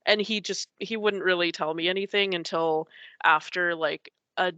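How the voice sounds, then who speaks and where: Bright-voiced woman telling a family story. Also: fairly low pitch, steady tone, normal speed, no room sound, highs cut off. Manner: rambling, full of likes and ums. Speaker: podcast guest. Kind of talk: casual storytelling.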